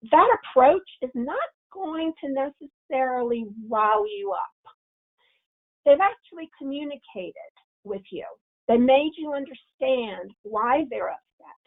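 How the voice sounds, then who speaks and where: A woman's voice: high voice, lively intonation, measured pace. A woman giving a parenting webinar, explaining with example scripts and often restarting her phrases. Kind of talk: webinar talk. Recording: phone-like remote audio.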